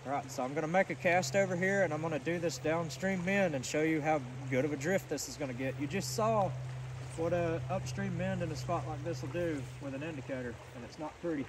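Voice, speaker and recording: A man with a fairly high voice talks while casting, offering casual, instructive fly fishing advice as he wades a stream. The mic is distant and outdoors, so loud flowing water and background noise come through.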